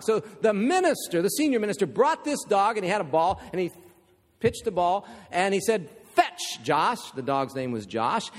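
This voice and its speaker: A man preaching a sermon, telling a story with rhetorical questions and humorous asides. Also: high voice. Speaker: pastor. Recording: long reverb of a large hall.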